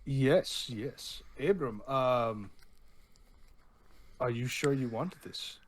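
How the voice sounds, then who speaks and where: A man's voice: medium pitch, extremely slow. A man playing a tabletop game, dry and teasing toward the other players. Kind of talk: casual tabletop game chat.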